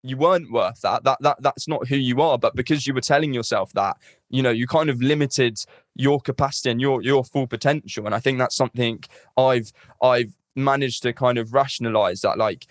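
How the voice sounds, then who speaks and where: A man's voice: mid-range voice, a little fast, no echo, studio quality. A man hosting a podcast interview, speaking thoughtfully with many fillers and restarts. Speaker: podcast host. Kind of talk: reflective conversational interview.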